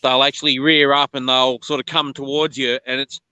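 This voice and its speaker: An Australian man who relocates snakes, chatting bluntly and telling stories in an animated way. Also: medium pitch, a little fast, clear, resonant tone, dry recording, poor audio. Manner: animated, blunt, indignant storyteller. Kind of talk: casual chat on a video call.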